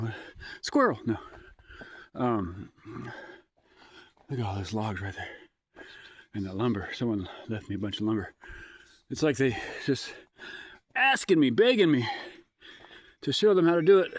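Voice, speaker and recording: A man vlogging alone from a forest campsite, talking into his handheld phone, out of breath, rambling and going off on tangents. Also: medium pitch. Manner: rambling, sidetracked, jokey. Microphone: handheld phone camera.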